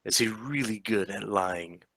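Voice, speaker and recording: Menacing aristocratic baron, voiced by a male game master: cold, formal, unhurried. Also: lowish voice, gravelly, a bit bright, no echo, heavily acted.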